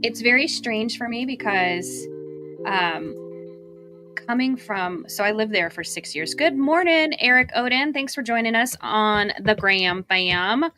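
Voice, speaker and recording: A woman's voice: fairly high pitch, expressive, unhurried, over music. A woman from Arizona co-hosting a marketing livestream, chatty and laughing as she drifts into tangents. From Arizona, USA. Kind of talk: casual live-stream chat.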